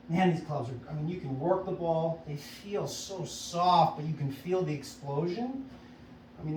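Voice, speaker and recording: A man's voice: a little high, a little mellow, echoey room, distant mic, a little hiss or hum, poor audio. A man, a golf instructor, coaching casually and upbeat at a driving range, often checking in with "right?". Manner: upbeat, chatty, self-coaching with frequent "right?".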